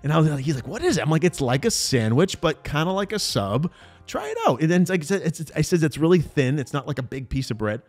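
A man's voice: on the high side, fast, few pauses, faint music behind. A man in his forties co-hosting a podcast, telling a story in casual chat and acting out the people he quotes. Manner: animated storyteller, acts out quotes. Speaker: podcast co-host.

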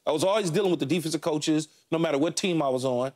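A middle-aged man co-hosting a sports talk show, telling stories about his playing days in animated, punchy fragments with lots of repeats. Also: a little high, fast talker. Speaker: sports talk show co-host, former NFL receiver. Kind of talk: casual sports talk storytelling.

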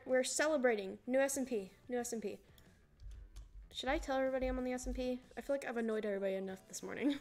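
A chatty young woman talks to her viewers while she plays, rambling from one thing to the next in a fairly high voice. Faint music plays behind her. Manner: chatty, rambling, often laughing, greeting viewers. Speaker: streamer. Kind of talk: casual livestream chat while gaming. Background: music playing.

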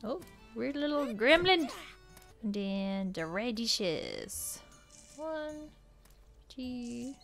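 A woman hosting a casual let's-play, chatty and excitable, gasping and reacting aloud as she plays. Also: on the high side, drawn-out words, gravelly, long pauses, soft background music. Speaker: gaming channel host.

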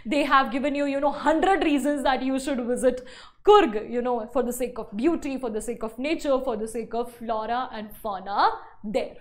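Woman, Indian English accent, high voice, online class lecture, rephrases a lot, fills with "you know". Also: moderate pace. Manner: explains by repeating and rephrasing, many "you know" fillers. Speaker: English teacher.

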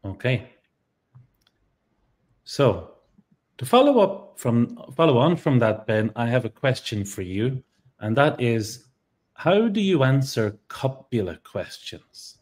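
A man with an Irish accent teaching Irish grammar in a relaxed chat, thinking aloud with frequent ums and restarts. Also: mid-range voice, takes it slowly. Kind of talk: explaining grammar in a relaxed two-person lesson.

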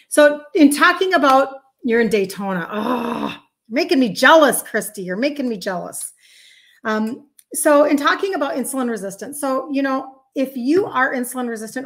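A woman in her fifties from Minnesota with a Minnesotan accent, hosting a chatty live stream as a health coach, greeting viewers and answering their comments as they come in. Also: mid-range voice. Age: 50s.

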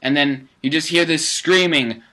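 A man's voice: on the high side, moderate pace, sharp tone. A teenage boy giving casual, rambling commentary over his gameplay, with lots of fillers and self-corrections. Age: teens.

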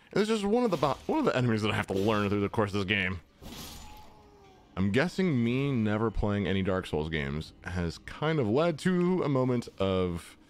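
Lively, chatty young man gaming. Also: fairly low pitch. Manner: chatty, jokey, talks to enemies. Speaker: gaming channel host. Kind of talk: casual let's-play commentary.

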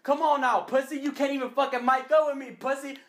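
A man's voice: very high-pitched, fairly even intonation, fast talker. A man taunting and insulting someone in an aggressive, profane voice-chat roast. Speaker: online roast participant. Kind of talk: trash-talk voice chat roast. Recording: echoey room sound.

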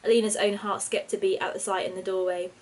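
A woman reading her own storybook aloud in a steady, expressive narration. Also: medium pitch, quick pace, low-quality recording.

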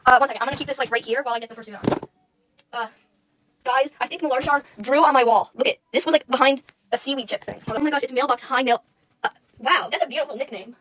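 A woman's voice: sits high, fast, a bit bright, dry recording. A young woman streaming, chatting casually and rambling to her chat, often giggling, close to the mic.

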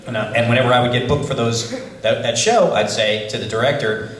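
A man's voice: medium pitch, fairly even intonation, brisk, fairly bright tone. A man on a convention panel who talks in a chatty, self-interrupting way and calls on fans. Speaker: voice actor panelist and moderator. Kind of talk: convention Q&A chat. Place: convention hall. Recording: roomy convention hall.

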